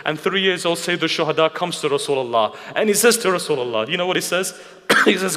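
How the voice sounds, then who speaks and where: A man's voice: on the high side, expressive, quick pace. A man delivering an emotional religious sermon, telling stories with many rhetorical questions. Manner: emotional, rhetorical questions, drops to a hushed weeping tone. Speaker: speaker at a mourning gathering. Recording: reverberant hall.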